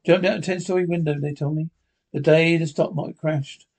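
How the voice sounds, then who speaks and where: A man reading the part of a talkative, friendly police desk sergeant who gossips briskly. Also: fairly high pitch, steady tone, a little mellow. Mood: chatty. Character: affable male desk sergeant, talkative neighbour.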